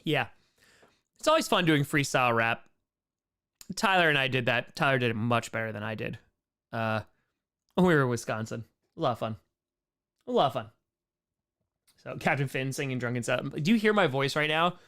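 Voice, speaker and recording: A man with a hoarse, worn-out voice hosting a casual live Q&A, joking and rambling as he reads chat questions. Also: mid-range voice, expressive, normal speed, pauses often, a bit bright. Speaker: live stream host answering chat.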